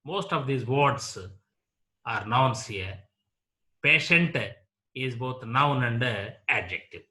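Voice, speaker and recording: A man teaching an English lesson on word stress, slowly and deliberately repeating example words one at a time. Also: mid-range voice, animated, pushed and bright. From India. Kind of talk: classroom lecture on word stress.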